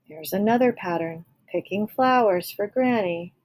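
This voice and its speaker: A woman reading a picture book aloud to children, pausing to explain words in a lively way. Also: medium pitch. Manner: animated, explains words for kids. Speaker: children's storyteller.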